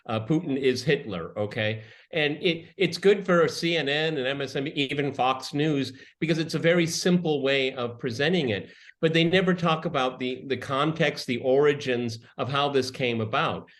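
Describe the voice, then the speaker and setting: A man's voice: mid-range voice, moderate pace. A man co-hosting a political talk show, speaking in a reflective way with frequent okays. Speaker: co-host. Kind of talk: conversational political commentary.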